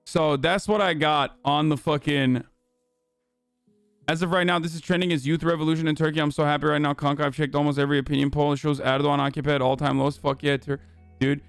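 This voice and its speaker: A man's voice: a little high, level tone, fast talker, creaky, clear, resonant tone, dry recording, faint music behind. A man hosting a livestream, giving heated, profane commentary with lots of fillers. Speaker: livestream host.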